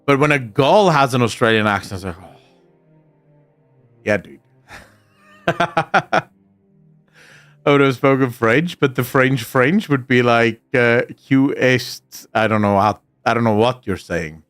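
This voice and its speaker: A mid-pitched man chatting casually on a live stream, reading viewer comments aloud and answering them. His voice is close and dry on a home desk mic. Soft music plays faintly behind him. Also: normal speed, no room sound.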